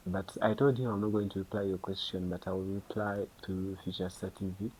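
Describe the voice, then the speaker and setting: A young man with a Ugandan English accent hosts a podcast, talking casually to camera with lots of "you know" fillers and acting out little conversations. His voice is low and fairly flat in pitch, brisk, and a little mellow. The recording is low quality, with slight background noise.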